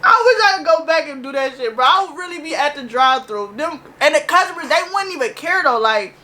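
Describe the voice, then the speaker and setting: High, bright-voiced young woman ranting casually. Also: lively intonation, a little fast, slight background noise. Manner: loose, profane slang-heavy storytelling. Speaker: reaction video host. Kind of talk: casual reaction vlog.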